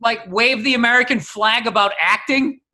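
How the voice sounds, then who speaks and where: A man with a very high, bright voice rants at his co-hosts, swearing freely and picking fights for laughs. He talks in loose, casual podcast banter. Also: moderate pace. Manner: profane, combative ranting. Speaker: podcast co-host.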